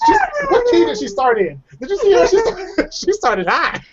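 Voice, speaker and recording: Brief: fairly high-pitched male guest, chatty storyteller who laughs a lot, muffled video call sound. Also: huge pitch swings, unhurried, over a noisy crowd. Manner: chatty, laughs often, acts out voices of others. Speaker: guest telling personal stories. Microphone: video call microphone.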